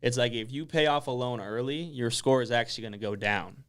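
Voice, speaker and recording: A man's voice: mid-range voice, a little fast, clear, resonant tone. A man being interviewed as a guest on a radio talk show, explaining things casually and filling his sentences with "like". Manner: relaxed, explanatory, lots of "like" fillers.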